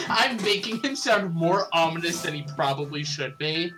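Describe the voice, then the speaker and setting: A man's voice: on the high side, lively intonation, normal speed, bright, forceful tone, faint music behind. A man co-hosting a visual novel let's play, trading playful mock threats and jokes. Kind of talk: casual game commentary.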